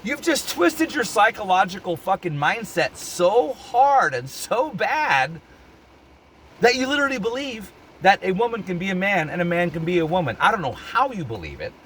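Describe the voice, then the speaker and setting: Man, angry vlog rant, high and swooping voice, bright edge, profane. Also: big pitch swings, normal speed, slight background noise. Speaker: vlogger. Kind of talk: heated opinion rant to camera.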